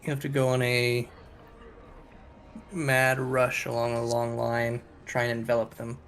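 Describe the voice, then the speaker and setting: A man's voice: medium pitch, completely flat delivery, a little slow, fairly bright tone. A man on a gaming voice call giving tactical tips and dry jokes. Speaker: voice chat guest. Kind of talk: casual gaming voice chat.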